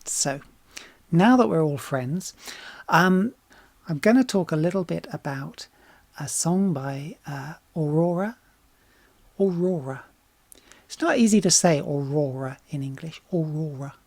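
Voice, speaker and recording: Woman singer doing a reaction vlog, gravelly creaky voice, super dry close sound. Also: low-pitched, expressive, unhurried, long pauses, dry recording. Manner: candid, chatty, swears casually, drops to soft asides. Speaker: singer and reaction channel host. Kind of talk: casual reaction vlog talk.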